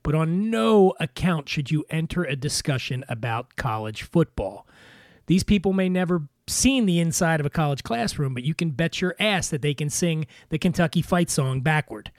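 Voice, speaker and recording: A man from Philadelphia hosting a podcast, a little weary, delivering a wry scripted comic monologue in a deadpan way. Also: a little high, moderate pace, no room sound, studio quality. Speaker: podcast host.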